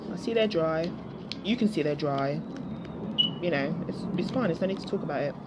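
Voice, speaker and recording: A woman's voice: deep voice, expressive, brisk, heavy background noise. A woman chatting to her viewers while she crafts, with self-mocking asides. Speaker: craft vlogger. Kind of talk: casual chatty crafting vlog. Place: outdoors at a table.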